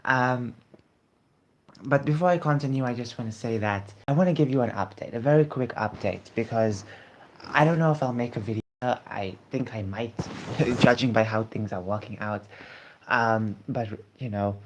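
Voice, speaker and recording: A man's voice: mid-range voice, moderate pace. A man vlogging to camera while unwell, talking casually and hesitantly with many fillers and restarts, recorded on a tablet. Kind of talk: casual rambling talk to camera. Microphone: tablet streaming.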